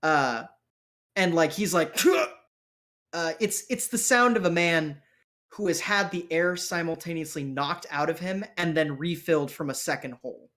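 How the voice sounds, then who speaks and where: A man's voice: a little high, measured pace, fairly bright tone. A man narrating a tabletop role-playing game as game master, in a casual, vivid way. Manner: casual, vivid, with fillers and restarts.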